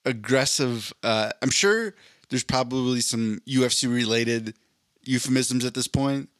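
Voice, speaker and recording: Man, mid-pitched, dry close sound; loose, rambling co-host telling self-mocking stories. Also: measured pace, fairly bright tone, no room sound. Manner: rambling, self-deprecating storytelling. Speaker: podcast co-host. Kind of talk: casual chat.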